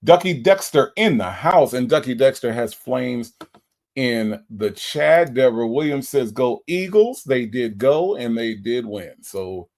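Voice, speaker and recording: A man's voice: medium pitch, lively intonation, unhurried, darkish tone. A man hosting a casual livestream, greeting viewers by name in a folksy, chatty way. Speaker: livestream host.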